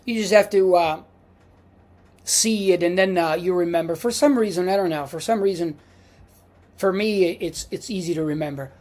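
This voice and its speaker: A man with an Italian accent teaching pronunciation in a video lesson, patient and repeating each word, with frequent "uh" pauses. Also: high voice, a little mellow. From Italy. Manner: slow, patient, repeats words for practice; frequent hesitations with uh. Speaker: language teacher.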